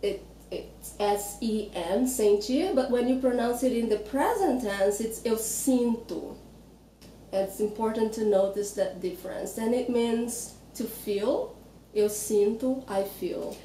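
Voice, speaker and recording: A woman with a Brazilian accent teaching Portuguese pronunciation, patiently sounding out words slowly. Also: on the high side, mellow, reverberant, far from the mic, a little hiss or hum, rough recording. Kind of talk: explaining pronunciation.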